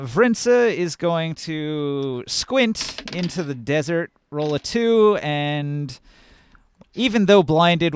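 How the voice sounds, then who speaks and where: A man's voice: medium pitch, a little hiss or hum. A man running a tabletop game as game master, casually narrating the action and sound effects. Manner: casual, animated narration with counting and sound words.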